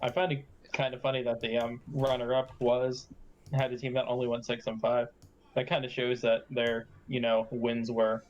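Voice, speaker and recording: A man's voice: medium pitch, level tone, normal speed, darkish tone, lo-fi sound. A man presenting esports award results, listing records and win rates in a plain manner. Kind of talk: reading results in casual chat.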